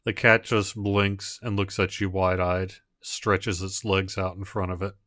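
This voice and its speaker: A man with a lowish voice narrates a tabletop adventure as game master, describing the scene in a relaxed, halting way. His voice is close and dry, as over a voice call. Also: no echo. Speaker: dungeon master.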